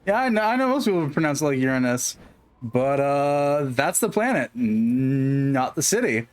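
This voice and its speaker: A man's voice: on the high side, very animated, normal speed. Playful rambling man gaming with a friend. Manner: playful, rambling, laughs often. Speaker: co-op game streamer. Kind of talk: casual gaming chat.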